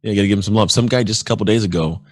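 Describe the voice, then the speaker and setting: A man with a very low voice talks quickly and with energy as a podcast guest, acting out little exchanges as he tells his stories. The sound is dry and close, with no room in it. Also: no room sound. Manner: energetic, acts out quoted exchanges. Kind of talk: casual interview talk.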